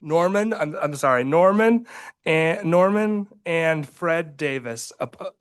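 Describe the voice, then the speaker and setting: A man's voice: on the high side, animated, takes it slowly, clear, resonant tone. A man chairing a public budget committee meeting, hesitant and apologetic with many fillers.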